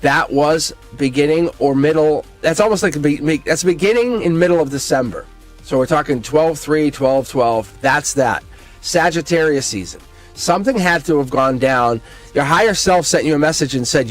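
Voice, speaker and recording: A man hosting a casual live-stream tarot reading, excitable, laughing often and swearing freely. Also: a little high, normal speed, soft background music.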